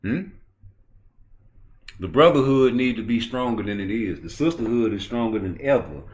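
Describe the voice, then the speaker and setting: A man hosting a YouTube boxing talk show, ranting profanely and swinging from low muttering to loud, heated outbursts. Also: animated, moderate pace. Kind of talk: ranting commentary.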